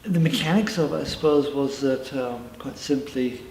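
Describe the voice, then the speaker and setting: A man's voice: medium pitch, normal speed, a little mellow, a little hiss or hum. A middle-aged man giving a personal account in an interview. He is reflective, with emphatic asides. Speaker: interviewee, former member telling his story. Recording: roomy, from a distance, faint ambience.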